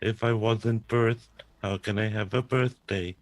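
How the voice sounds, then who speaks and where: A man voicing an earnest android crewman in a tabletop role-play, measured, soft-spoken and literal. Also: on the low side, steady tone, no room sound, close to an everyday voice. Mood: calm.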